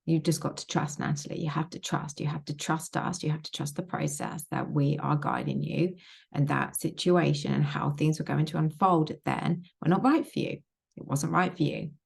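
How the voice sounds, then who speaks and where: Woman doing soothing spirit guides, low and gravelly, soft and steady. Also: normal speed, full character voice. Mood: reassuring.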